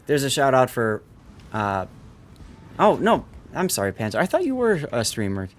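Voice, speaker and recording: In a medium-pitched voice that swings widely, a man speaking at normal speed live-streams a naval warship game. He keeps up casual chat with viewers, responding to messages between callouts about torpedoes and ranges.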